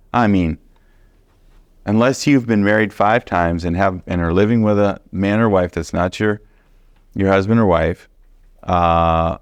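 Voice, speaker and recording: A man teaching a Bible study sermon, earnest and animated, stressing points by repeating them. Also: low-pitched, vocal fry, no room sound. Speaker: preacher.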